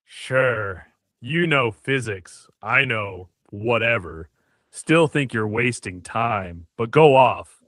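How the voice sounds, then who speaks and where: Slow, dismissive bright male AI voice. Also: mid-range voice, animated, no echo, studio quality. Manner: dismissive, crude, unbothered. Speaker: AI chatbot panelist. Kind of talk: casual chat.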